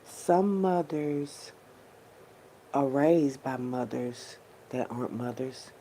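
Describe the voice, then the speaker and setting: A woman vlogger with a very deep, mellow voice speaks slowly and straight to her viewers in a heartfelt, unscripted monologue. She repeats herself often and uses heavy slang and swearing. A little hiss or hum can be heard.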